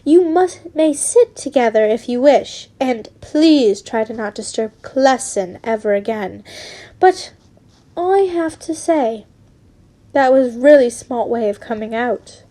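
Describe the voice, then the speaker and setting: Dry wizard teacher scolding the class, read by a woman in a high, mellow voice. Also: animated, slow. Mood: teasing.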